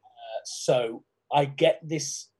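A stage actor from Liverpool with a softened Liverpool accent, talking thoughtfully in an interview with halting restarts. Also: male voice, medium pitch, breathy edge. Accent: softened Liverpool (Scouse). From Liverpool, England. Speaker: stage actor and panto dame. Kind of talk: conversational interview.

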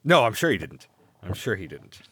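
A man co-hosting a casual book podcast, his pitch moving lively up and down as he jokes. The recording is dry and close, with no room sound. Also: slightly rough, dry recording. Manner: joking, animated, quick asides. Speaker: podcast co-host.

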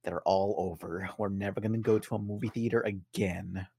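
A man's voice: deep voice, steady tone, normal speed, vocal fry, mellow, husky, no echo, clean studio sound. A man chatting casually on a podcast, laid-back and rambling with nostalgic asides. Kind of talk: casual chat.

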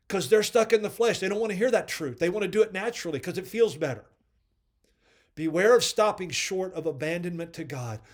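A man hosting a devotional podcast, earnestly preaching and commenting on quoted readings. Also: on the high side. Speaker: podcast host.

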